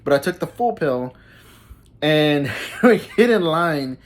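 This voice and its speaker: A man's voice: a little high, lively intonation. A young man, telling stories casually on his vlog, stumbling over and repeating his words and laughing as he talks. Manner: halting, repeats words often, laughs mid-sentence. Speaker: vlogger.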